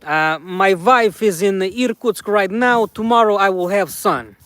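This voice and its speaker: A man putting on a Russian accent, voicing a man who lives in Russia and talks haltingly, searching for words. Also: high voice, fairly bright tone, clear, resonant tone, dry recording. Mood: playful. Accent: put-on Russian accent.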